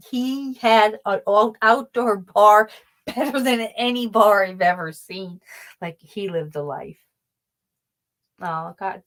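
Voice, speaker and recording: A woman's voice: medium pitch, fairly bright tone, no room sound, rough recording. Chatty rambling woman live-streamer. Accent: Northeastern Pennsylvania. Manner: rambling, chatty, swears casually, trails off and restarts. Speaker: livestream host chatting with viewers. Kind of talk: casual live-stream chat.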